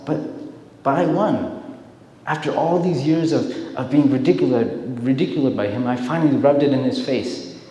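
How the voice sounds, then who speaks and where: A man's voice: medium pitch, moderate pace, dark tone, roomy sound, big-room sound, voice pushed up, natural voice, rough recording. Man voicing a prideful, indignant poet. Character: proud, sore-losing male poet.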